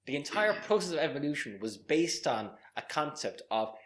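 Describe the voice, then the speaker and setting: A man's voice: a little high, big pitch swings, normal speed, a bit bright. Emphatic man, chatty. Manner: emphatic, digressive, asks for agreement with "all right?". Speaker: podcast co-host. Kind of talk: casual chat.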